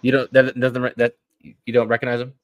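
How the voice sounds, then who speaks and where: A young man co-hosting a casual golf podcast, telling stories with lots of "like" and "you know" and jumping into high, excited quoted voices. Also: brisk. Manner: animated storytelling, jumps high when acting out quotes. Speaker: podcast co-host. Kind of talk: casual chat.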